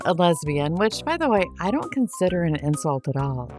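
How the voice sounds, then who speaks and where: Low-voiced, defiant woman podcaster. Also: lively intonation, moderate pace, few pauses, a little mellow, soft background music. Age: adult, married. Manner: sarcastic, defiant. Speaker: true crime podcast host. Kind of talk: monologue to camera.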